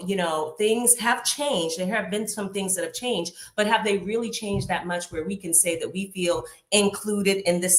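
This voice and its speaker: A woman's voice: fairly low pitch, fairly bright tone. A woman from Boston speaking as a guest in a casual panel discussion, earnest and conversational. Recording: echoey room sound.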